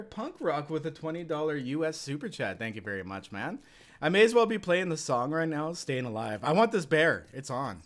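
Speaking at a normal speed with a somewhat high voice, a young Canadian man narrates his live survival-game stream. His casual chatter breaks into excited yelps and panicked laughter each time something goes wrong.

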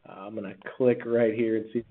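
A man, a teacher, talking casually through a screen-recorded software tutorial with lots of fillers and restarts. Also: lowish voice, flat delivery, brisk. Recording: tinny, phone-like sound.

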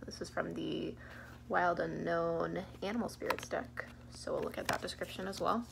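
A woman's voice: on the low side, fairly even intonation, moderate pace, vocal fry, very noisy. A young woman giving a casual tarot card reading, laid-back and giggly, thinking aloud with many fillers. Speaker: tarot reader.

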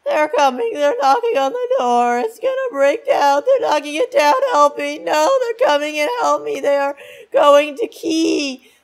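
A man's voice: extremely high pitch, animated, unhurried, gravelly, pitched above the performer's own voice, full character voice. A man doing a screaming trapped man. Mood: panicked. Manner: screaming, desperate. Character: panicked trapped man writing a note.

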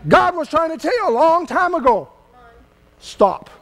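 Older california preacher guy, really high voice, chatty sermon that gets loud and shouty. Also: very animated, measured pace. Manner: loose, conversational preaching that swells into emphatic shouting. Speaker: pastor.

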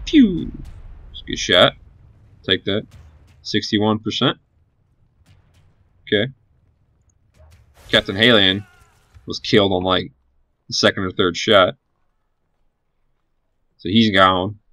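A man's voice: on the low side, slow pace, long pauses, bright, forceful tone, dry recording. A man giving live gameplay commentary as a gaming channel host, cheering on his units and swearing casually.

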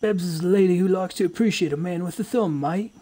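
A man's voice: high voice, fast, mellow, voice pushed up. A man doing a hammy mock Australian accent as a cheerful bloke who keeps saying mate. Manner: hammy, joking impression. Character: exaggerated Aussie bloke, cheerful, says mate a lot.

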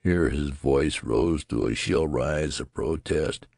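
A man's voice: rumbling low, slow, gravelly, hardly any pauses, darkish tone, no echo, studio quality. A man reading a story aloud as an audiobook narrator. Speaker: audiobook reader. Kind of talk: scripted narration.

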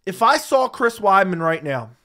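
Man, slightly high voice, heated profane livestream rant, studio mic. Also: big pitch swings, normal speed, sharp tone. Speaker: MMA commentary host. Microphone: studio dynamic mic.

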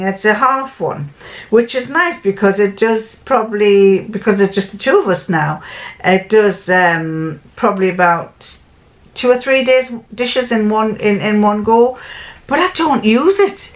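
A woman's voice: medium pitch, a little slow. An older woman, chatting casually to camera as a sewing vlogger. She rambles and often restarts or corrects herself mid-sentence.

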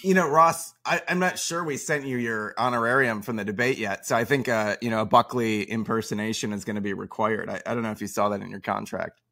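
A man's voice: lowish voice, fairly even intonation, a little fast, vocal fry, few pauses, bright, forceful tone. A man hosting a podcast interview, chatting casually and joking with his guest. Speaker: podcast host.

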